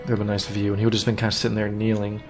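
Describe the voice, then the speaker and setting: Brief: low-voiced man, earnest, rambling director's commentary, faint music behind. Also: monotone, racing, a little mellow. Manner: earnest, meandering, casual. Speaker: director of an animated series.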